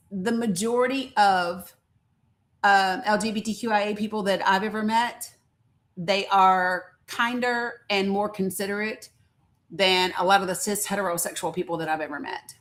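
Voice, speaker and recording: A woman's voice: medium pitch, a bit bright. Woman host, older, candid live-stream chat, outspoken and folksy. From rural American South. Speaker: livestream host.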